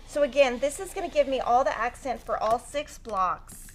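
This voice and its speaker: A woman's voice: sits high, lively intonation, moderate pace, hardly any pauses, slight background noise. A woman teaching a quilting tutorial on a live stream, chatty and upbeat as she talks through cutting fabric. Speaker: quilting instructor.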